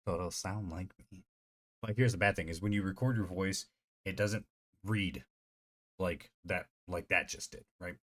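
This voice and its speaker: A man's voice: low-pitched, fairly even intonation, moderate pace, a bit bright. A man streaming live, chatting casually in a rambling, profane way full of fillers. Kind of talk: casual livestream chat.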